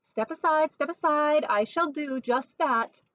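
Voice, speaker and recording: A woman's voice: sits high, a little slow, fairly bright tone, dry recording, highs cut off, pitched above the performer's own voice. A woman voicing a fussy, bossy male duck with a scolding, self-important manner, in a picture-book read-aloud.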